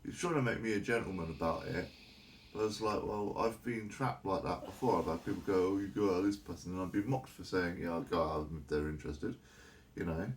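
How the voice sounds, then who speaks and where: A man's voice: deep voice, fast talker, few pauses, a little hiss or hum. A man casually recounting an anecdote in a home living room, animatedly acting out the voices of the people he quotes. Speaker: vlogger.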